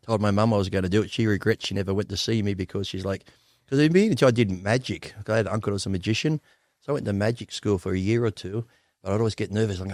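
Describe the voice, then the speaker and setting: A middle-aged Australian man telling rapid, profane stories as a guest on a podcast, acting out the voices of the people he quotes. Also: lowish voice, darkish tone, no echo, clean studio sound. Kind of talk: casual storytelling interview.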